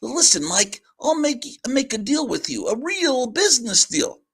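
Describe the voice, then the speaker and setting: Guy putting on a high whiny old alley cat, melodramatic and sniffly, comic-book reading. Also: big pitch swings, measured pace, fairly bright tone, breathy edge, heavily acted. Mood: scheming. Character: old washed-up male cat, weepy and pleading.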